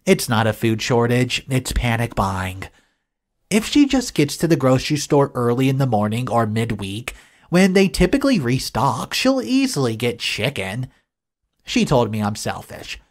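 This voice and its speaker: Animated storyteller reading a forum post. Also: mid-range voice, moderate pace. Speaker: story narrator.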